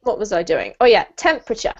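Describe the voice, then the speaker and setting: A woman's voice: a little high, lively intonation, normal speed. A woman teaching an online English lesson, encouraging and patient, laughing often as she explains. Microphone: video call. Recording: muffled online call audio.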